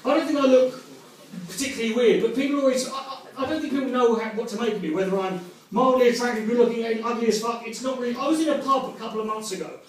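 An English stand-up comedian with a rather high voice, swearing his way through a conversational, self-mocking set. The mic picks him up from a distance in a very echoey room. Faint ambience sits underneath. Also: steady tone, quick pace. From England. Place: comedy club stage.

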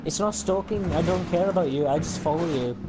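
A man's voice: on the high side, a little fast. A man joking around while playing a video game, rambling through absurd bits and acting out silly dialogue, swearing freely. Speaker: co-player. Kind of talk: casual gaming banter. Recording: noisy game audio behind voice.

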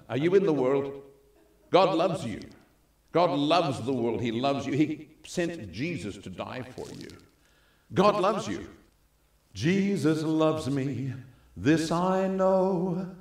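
A male pastor preaching a sermon in an animated way, acting out the voices of the people he quotes. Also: mid-range voice, echoey room.

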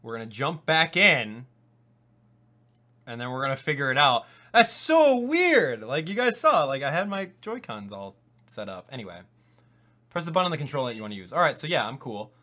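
A young man giving casual live-stream commentary on a video game, swinging from low mumbles to loud disbelief. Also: big pitch swings, moderate pace. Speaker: gaming YouTuber.

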